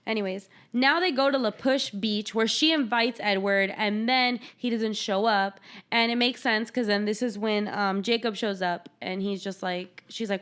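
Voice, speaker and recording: A woman's voice: mid-range voice, moderate pace, few pauses, a bit bright, smooth. A young woman hosting a podcast, recapping a film in casual chat, sarcastic and swearing freely as she retells scenes. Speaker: podcast host.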